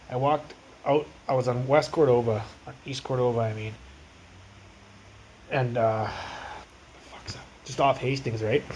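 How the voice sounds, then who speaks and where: A young man rambles through street stories on a phone livestream. His talk is casual and full of profanity, his voice sits at an ordinary middle pitch, and faint background noise runs underneath. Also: darkish tone, low-quality recording.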